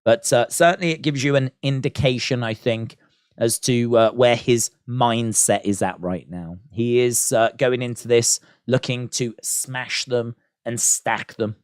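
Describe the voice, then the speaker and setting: A man's voice: medium pitch, fairly even intonation, measured pace, smooth, no room sound, studio quality. A man with a British accent hosting a wrestling live stream, chatting casually, joking and laughing while reading out viewer comments. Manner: chatty and laughing, jokes at length.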